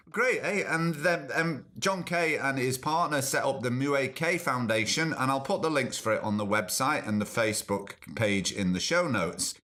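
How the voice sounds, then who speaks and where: A man's voice: medium pitch, moderate pace, hardly any pauses, sharp tone. A man hosting a comic podcast, chatty and exasperated. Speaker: podcast host.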